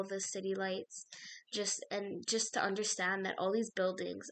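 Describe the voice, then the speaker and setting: A woman's voice: mid-range voice, level tone, measured pace. A woman gives an intuitive card reading straight to her viewer. Her talk drifts and circles, full of fillers, and she often breaks off mid-thought to start again. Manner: meandering, filler-heavy, self-interrupting.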